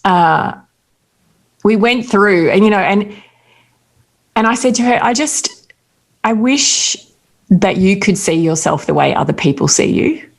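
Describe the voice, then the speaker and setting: A middle-aged Australian woman telling personal stories candidly in casual conversation, with quick asides. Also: medium pitch, lively intonation, creaky. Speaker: guest.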